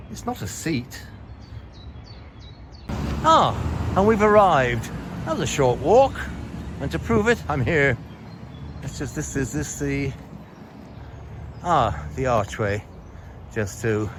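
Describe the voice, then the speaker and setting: A man's voice: medium pitch, slight background noise. An Englishman with a jokey, rambling manner, chatting to viewers on a walking tour through a town park, recorded on a handheld camera while walking.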